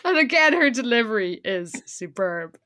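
A woman's voice: a little high, big pitch swings, normal speed, pushed and bright, dry recording. Woman podcast co-host, casual recap, wry and sighing, dry close sound.

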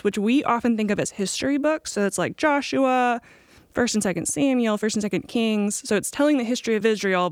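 A woman in a mid-range voice lays out background facts at an even, informative pace. It is a casual podcast chat, recorded close and dry. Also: medium pitch, dry recording. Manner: steady, informative explaining. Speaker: podcast co-host.

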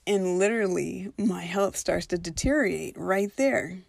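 A woman's voice: fairly low pitch, unhurried, creaky, no room sound, studio quality. A woman telling a personal spiritual story in an earnest, reflective way, now and then acting out her own past reactions.

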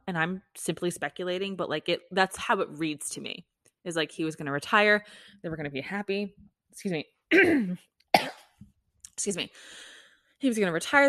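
A woman's voice: a little high, fairly bright tone, dry recording, studio quality. A young adult woman hosting a podcast, ranting bluntly in a casual chat, swearing freely and saying "like" a lot. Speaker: podcast host. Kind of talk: casual opinion rant.

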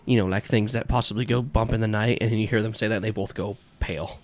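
A man's voice: lowish voice, fairly even intonation, fast talker, hardly any pauses, soft background music. A man narrating a tabletop game as game master, casual and chatty with lots of fillers and laughter.

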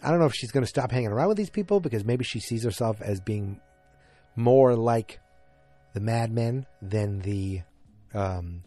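A man casually recapping a TV episode, halting and rambling with frequent restarts. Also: on the low side, animated, warm tone, no room sound, faint music behind. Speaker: show recap host.

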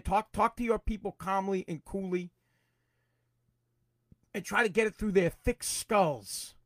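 A man hosting his own podcast, ranting angrily about politics, swearing and repeating himself, at times breaking into shouts. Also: high-pitched, no room sound, clean studio sound. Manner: angry, profane, repetitive, shouts in bursts. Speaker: podcast host. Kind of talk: political rant.

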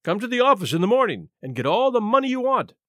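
A man voicing an excitable, insistent gentleman in an opera hat, raised and fussy. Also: high-pitched, quick pace, no room sound, studio quality, pitched above the performer's own voice. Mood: excited.

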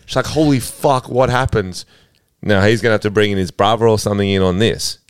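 A man's voice: on the low side, fairly even intonation, very fast, clean tone, dry recording, clean studio sound. A man co-hosting a comedy podcast, riffing through a made-up story in casual, laid-back chat. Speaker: podcast co-host.

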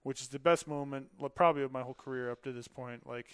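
A man's voice: mid-range voice, fairly even intonation, fast, smooth, no room sound. A man in his thirties, a podcast guest, telling stories casually, laughing often and acting out the dialogue. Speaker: podcast guest, Air Force veteran. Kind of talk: casual storytelling.

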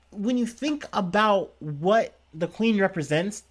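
A man's voice: high voice, animated, slow pace. A man hosting a podcast from a small apartment, talking in a casual, rambling and profane way as he gives blunt opinions. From United States. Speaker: podcast host.

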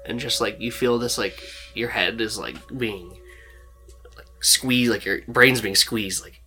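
A man's voice: on the low side, a little slow, pushed and bright, faint music behind. A man narrating a tabletop role-playing game as game master, in a loose storytelling way with lots of fillers.

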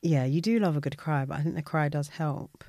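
A woman's voice: deep voice, fairly quick, mellow, no room sound, clean studio sound. A young woman, co-hosting a casual chat podcast, teasing her cousin and listening with frequent murmurs of agreement. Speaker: podcast co-host.

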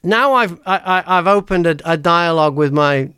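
A man's voice: a little high, moderate pace, bright, forceful tone, smooth, no echo, studio quality. A man hosting a podcast, telling personal stories in a rambling way, with lots of restarts and laughs. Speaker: podcast host. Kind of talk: casual chat, personal storytelling.

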